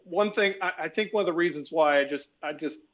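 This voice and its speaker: A friendly male interviewer asks long, rambling questions in a slightly high voice. The sound is a bit dull and lo-fi. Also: brisk, a bit bright. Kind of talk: conversational interview. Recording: dull lo-fi audio.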